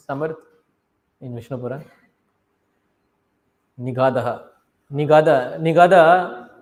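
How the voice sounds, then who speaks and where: Animated man preaching a scripture class. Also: fairly high pitch. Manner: animated storyteller, asks the audience questions, acts out quoted dialogue; non-native English phrasing. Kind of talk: sermon, storytelling.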